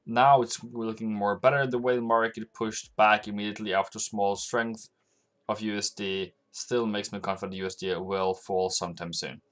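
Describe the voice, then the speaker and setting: Male streamer, low-ish voice, loose unscripted market commentary with clicking keys. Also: flat delivery, moderate pace, fairly bright tone. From Norway. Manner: loose and rambling, talking to chat while working through charts. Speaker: forex trading livestream host.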